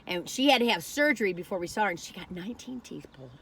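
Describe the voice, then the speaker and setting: A woman does a casual food-tasting vlog and chats on as she eats. Her storytelling rambles, and she often stops to ask herself what she was going to say. Her voice sits at an ordinary mid pitch, with a faint hum of room noise behind it. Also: lively intonation, fast talker, a bit bright. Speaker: food reviewer.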